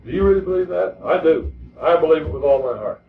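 A man's voice: a little high, expressive, fast talker, gravelly, a little hiss or hum. A man preaching a sermon in an earnest, emphatic way, often repeating words as he presses a point. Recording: distant, echoey, tinny lo-fi recording.

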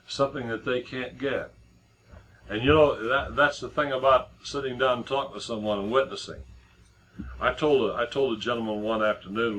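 A man's voice: medium pitch, bright, forceful tone, low-quality recording. A middle-aged man preaching a sermon in a conversational way, with many restarts and repeated words as he tells a story.

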